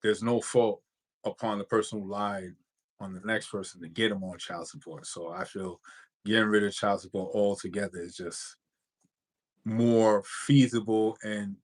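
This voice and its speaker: A man with a low voice co-hosts a casual podcast. He argues his opinion in a steady, deliberate way. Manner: measured, opinionated arguing. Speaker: podcast co-host.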